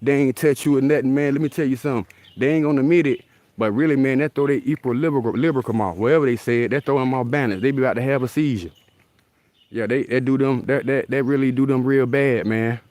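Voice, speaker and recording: A man's voice: medium pitch, fast talker, darkish tone, no echo. A man talking casually in a loose, repetitive street style, recording himself outdoors in a rural spot. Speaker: vlogger. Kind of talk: casual outdoor vlog talk. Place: outdoors in a rural area near deer.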